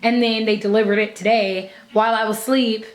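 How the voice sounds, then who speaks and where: A woman's voice: on the high side, fairly even intonation, brisk. A young woman vlogging casually from her bedroom, chatty, swearing freely and laughing between thoughts. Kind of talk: casual vlog.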